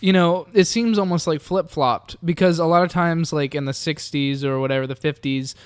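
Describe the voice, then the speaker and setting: A man's voice: a little high, steady tone, moderate pace, clear, resonant tone. A young man from the Southern United States co-hosting a podcast, chatting casually in a rambling, hesitant way with lots of fillers and restarts. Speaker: podcast co-host. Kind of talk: casual chat.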